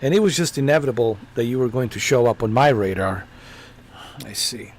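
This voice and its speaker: A man's voice: medium pitch, expressive, fairly quick, a little mellow. Casual male gaming streamer. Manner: casual, playful, talks back to characters. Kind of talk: live game commentary.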